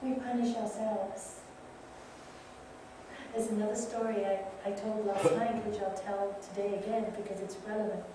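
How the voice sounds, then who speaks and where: A woman's voice: medium pitch, level tone, moderate pace, noisy background. A woman, a raja yoga teacher, giving a spiritual talk and telling parables with acted voices. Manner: storytelling, acts out voices in her tales. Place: venue in a retreat. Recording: roomy echo from a distant mic, faint ambience.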